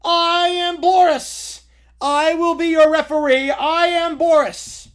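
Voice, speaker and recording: A man voicing a pompous male referee who loudly and slowly announces himself, read aloud from a story on a stream. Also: steady tone, heavily acted. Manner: booming, slow, declaiming self-important shouts.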